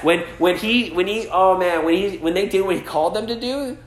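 A man delivering a sermon with a loose, conversational flow, checking in with the room and using casual asides. His voice sits a bit high for a man. The sound carries a noticeable echo from the room. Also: a little fast. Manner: conversational preaching, many "right?" and "like" asides. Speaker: pastor. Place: church gathering.

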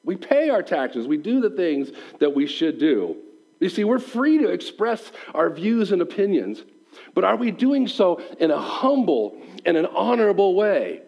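Pastor guy giving a sermon, talks to the crowd, acts out little voices, pretty high pitched. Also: unhurried, vocal fry, low-quality recording. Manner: animated, acts out quoted voices; conversational, asks the listeners questions.

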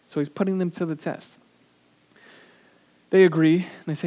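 A man preaching a sermon in an earnest way, sometimes pausing on "uh", who pushes his voice up for emphasis and then drops it low and quiet. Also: fairly even intonation. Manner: earnest preaching with frequent "uh" fillers. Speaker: pastor.

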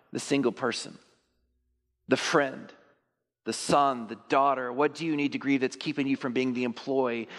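A male pastor preaching a sermon to his church, animated, sometimes mimicking churchgoers in high put-on voices. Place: church sanctuary. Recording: long reverb of a large hall.

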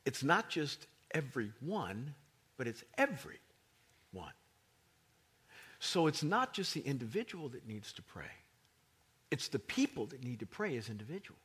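Husky male pastor, lively sermon delivery with whispered asides. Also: mid-range voice. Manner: animated preaching that drops into whispers.

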